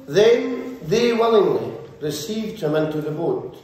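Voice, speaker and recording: A man's voice: fairly high pitch, lively intonation, unhurried, warm tone. A male pastor preaching a sermon with fervent, repetitive, rhythmic build-ups. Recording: very echoey church hall, faint ambience.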